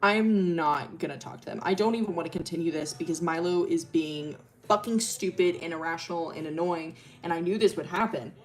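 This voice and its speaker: Brief: woman playing a blunt, unbothered teen girl, low and muttered. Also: brisk, hardly any pauses, close to an everyday voice. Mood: annoyed. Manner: flat, muttered, dismissive.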